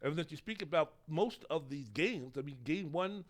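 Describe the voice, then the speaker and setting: A man's voice: fairly high pitch, expressive, normal speed. A man hosting a solo sports podcast, talking in a rambling, opinionated way and swearing casually. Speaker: podcast host.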